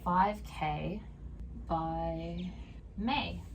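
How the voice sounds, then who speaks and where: Chatty young woman with a gravelly edge. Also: lowish voice, extremely slow, a little hiss or hum. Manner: chatty, self-mocking, lots of "like". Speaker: vlogger. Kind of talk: casual vlog chat.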